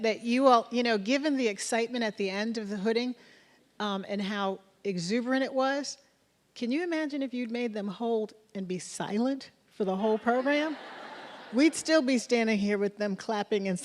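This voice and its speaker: A woman college president giving closing remarks at a graduation ceremony, effusive and emotional as she addresses a large crowd from a podium microphone. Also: on the high side. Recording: long hall reverb.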